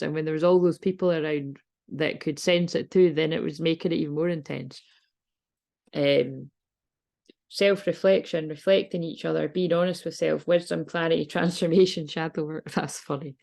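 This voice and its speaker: A woman's voice: sits low, creaky, darkish tone. A British woman giving a casual tarot reading, rambling, laughing and swearing freely. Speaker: tarot reader.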